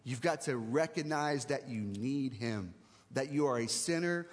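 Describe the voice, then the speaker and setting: A man preaching a sermon as pastor, conversational and emphatic, slowing down and speeding up to stress his points. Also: medium pitch. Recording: long reverb of a large hall.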